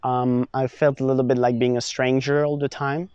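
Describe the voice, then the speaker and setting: A man's voice: mid-range voice, normal speed, clean tone, no room sound, dull audio. Chatty young man telling his story. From France. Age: young adult. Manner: animated, many fillers and restarts, acts out his own past lines. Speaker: vlogger. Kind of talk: casual personal storytelling.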